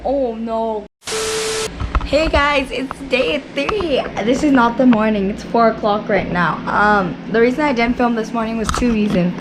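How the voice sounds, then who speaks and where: Hoarse young woman vlogging from a hotel room. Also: mid-range voice, noisy background. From Canada. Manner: chatty, rambling with many "like" fillers. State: hoarse, losing her voice. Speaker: vlogger and karate competitor. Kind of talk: casual vlog chat to camera.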